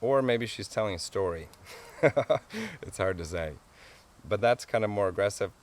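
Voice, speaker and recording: A man with a fairly low voice walks listeners through a hands-on calling tutorial. His explanations are relaxed and homespun, and small chuckles break in often. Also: brisk. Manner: easygoing, chuckles often, plain folksy explanations. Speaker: wildlife calling instructor.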